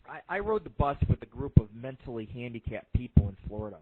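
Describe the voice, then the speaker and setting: This internet radio host talks fast, with a mid-range, slightly rough voice that swings widely in pitch. His monologue wanders through crude jokes, swearing and fillers, heard over a phone-like lo-fi line.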